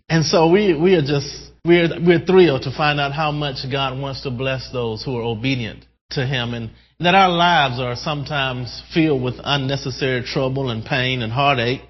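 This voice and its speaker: A male preacher delivering an animated sermon, often repeating words as he addresses the congregation. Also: medium pitch, moderate pace, few pauses. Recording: dull sound with long hall reverb.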